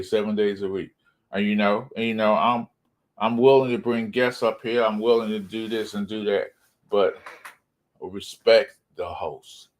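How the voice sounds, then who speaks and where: A man hosting a casual livestream, rambling on and stumbling over his words as he reads comments aloud. His voice sits fairly low, and he laughs often, drifting between loud remarks and low mumbles. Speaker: livestream host.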